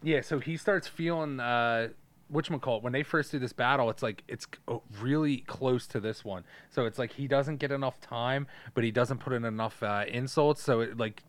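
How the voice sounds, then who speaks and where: A man's voice: mid-range voice, normal speed. A young man co-hosting a podcast, chatting loosely and profanely about a movie and quoting lines in put-on voices. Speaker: podcast co-host. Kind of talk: casual chat reacting to a movie.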